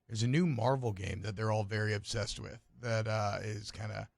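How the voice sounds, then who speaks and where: A man's voice: lowish voice, steady tone, moderate pace, creaky, no room sound. A man player and co-host chatting casually and rambling with fillers. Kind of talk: casual chat.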